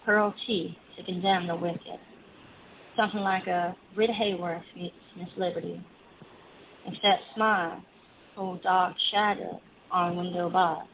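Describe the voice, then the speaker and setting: A woman voicing an aging male prison guard, reciting a poem slowly and solemnly in his voice. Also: lowish voice. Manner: slow measured poetry recitation. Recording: tinny phone line, faint hiss.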